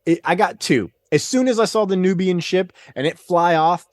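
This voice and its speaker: A man guest on a podcast, chatting casually and retelling scenes in an excitable, animated way. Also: sits high, moderate pace, dry recording. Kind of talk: casual chat.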